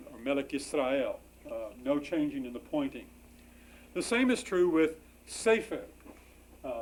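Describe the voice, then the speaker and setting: A man's voice: on the high side, a little mellow, poor audio. A man teaching a grammar class, explaining patiently with many fillers and restarts. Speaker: biblical Hebrew instructor. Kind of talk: classroom lecture. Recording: faint background noise.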